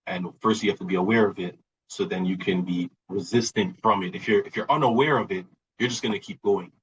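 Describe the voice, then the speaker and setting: A man's voice: sits low, fairly quick, lo-fi sound, noisy background. A man talking as a podcast guest in a reflective, conversational way, often repeating words and acting out quoted reactions. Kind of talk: casual conversational talk.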